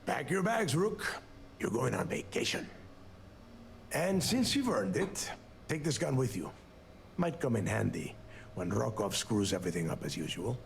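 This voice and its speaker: Gravelly pirate boss. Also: male voice, medium pitch, sing-song, a little slow, long pauses, noisy background. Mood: wry. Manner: curt, bossy orders. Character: commanding male pirate boss, gruff and impatient. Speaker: game character. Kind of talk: video game voice acting.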